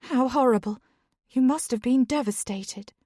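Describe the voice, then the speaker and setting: A woman voices a young, strong-willed aristocratic wife in Victorian society, speaking earnestly and sounding shocked. Her delivery is a little high, pitched above her own natural voice, mellow, with lively intonation at normal speed. The audio is clean studio sound with no room sound.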